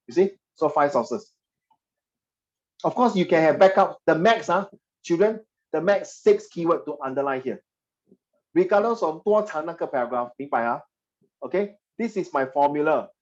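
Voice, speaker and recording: A man teaching a history class, animated and teasing, slipping Mandarin phrases into his English. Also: on the high side, dull audio. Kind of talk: classroom lecture.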